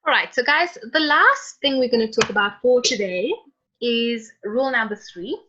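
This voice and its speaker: A woman's voice: a little high, lively intonation, moderate pace, bright, forceful tone. A woman teaching a chemistry class online, patiently calling on students by name. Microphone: computer mic on a video call. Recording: dull lo-fi online call audio.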